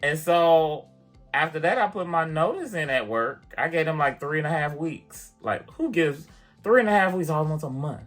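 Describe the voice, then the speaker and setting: A man vlogging, chatty and animated as he tells a personal story to the camera, full of casual fillers. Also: fairly high pitch, normal speed, soft background music. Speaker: vlogger and piano teacher.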